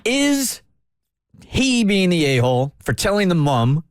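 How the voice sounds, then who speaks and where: A woman hosts a talk show in casual chat, breaking in with quick, wry questions. Her voice is very low but swoops animatedly up and down. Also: very animated, a little hiss or hum. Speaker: radio show host.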